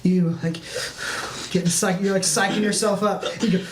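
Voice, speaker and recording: The recording comes from an echoey room with faint noise behind it. A tabletop game master narrates in a steady mid-range voice at a moderate pace, wandering loosely and restarting often while peppering in "like."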